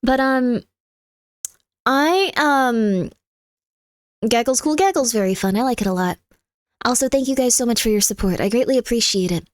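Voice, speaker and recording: Chatty high-voiced woman streamer. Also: expressive, normal speed, pauses often, dry recording, clean studio sound. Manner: chatty and jokey, thanks viewers by name. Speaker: livestreamer. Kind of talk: casual live-stream chat.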